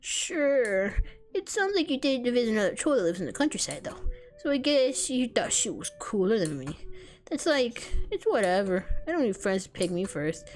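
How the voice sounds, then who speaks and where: A woman's voice: fairly high pitch, very animated, moderate pace, pitched above the performer's own voice. A woman voicing an eager, lonely young male troll who turns sulky, reading his lines from a game.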